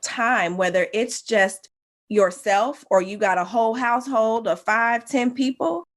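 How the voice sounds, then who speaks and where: A woman's voice: a little high, steady tone, measured pace. Affirming woman podcast host. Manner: warm, affirming, playful slang. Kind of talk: casual interview chat.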